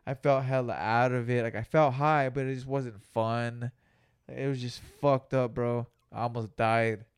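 A man's voice: medium pitch, steady tone, a little slow, smooth. A young man co-hosting a podcast, telling a story in a laid-back, slangy way with heavy swearing. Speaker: podcast co-host. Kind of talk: casual storytelling chat.

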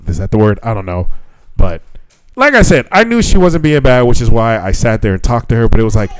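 Animated man, lively swinging pitch. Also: brisk, rough recording. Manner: animated storyteller, swears freely, squeaky voices when quoting people. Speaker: podcast co-host. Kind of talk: casual chat.

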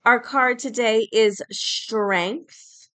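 Bright-toned lady podcaster, chatty, reading stuff out with lots of uh and um. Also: fairly high pitch, very slow. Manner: chatty, reads aloud with fillers. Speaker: podcast host. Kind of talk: casual podcast monologue.

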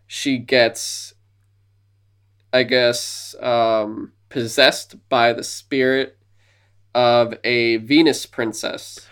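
A male podcast co-host with a mid-range, slightly bright, clean voice chats casually and eagerly tells stories. He enthusiastically retells movie scenes, slipping into silly voices for playful bits of voice acting.

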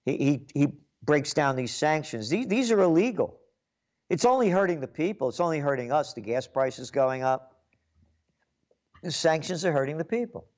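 A man's voice: a little high, expressive, normal speed, darkish tone, lo-fi sound. A man giving an indignant, repetitive political rant as a commentator.

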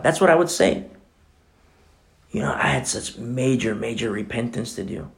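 A middle-aged man preaching a sermon as pastor, swinging between loud exclamations and hushed, near-whispered prayers. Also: fairly low pitch, a little fast, gravelly.

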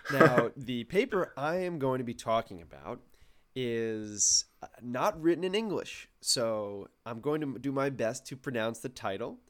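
A man's voice: mid-range voice, expressive, measured pace. A man in his twenties, a podcast co-host, explaining his research in a casual, wry, self-deprecating way. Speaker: podcast co-host, planetary science grad student.

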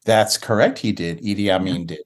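A man's voice: sits low, brisk. A man co-hosting a podcast in casual chat, laughing often and reacting playfully. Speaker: podcast co-host.

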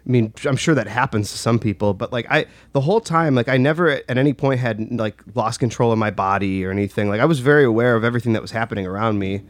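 A man's voice: medium pitch, fast talker, few pauses, dry recording. A man telling a personal story in casual chat, rambling with lots of "like" and restarts. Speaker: storyteller recounting a personal experience.

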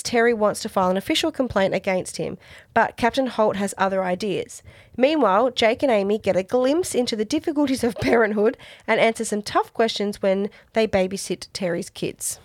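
An Australian woman co-hosting a podcast, chatting casually with quick asides and laughs. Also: mid-range voice, no echo, clean studio sound. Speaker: podcast co-host. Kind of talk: casual chat.

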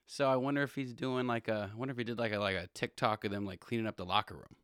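A man's voice: on the low side, fairly even intonation, very fast, hardly any pauses, a bit bright, dry recording, studio quality. A man hosting a podcast and rambling casually about football, chuckling and correcting himself as he goes. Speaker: podcast host. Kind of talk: casual sports chat.

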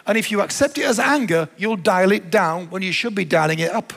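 A pastor preaching a sermon, animated, dropping to quiet low asides and then rising to emphatic lines. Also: male voice, fairly quick, creaky, hardly any pauses. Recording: long hall reverb.

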